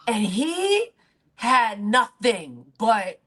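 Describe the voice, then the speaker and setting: A woman co-hosting a podcast recaps things casually and emphatically, piling up adjectives and long, wordy explanations. Her fairly high voice is sing-song and a bit bright, and she speaks extremely slowly.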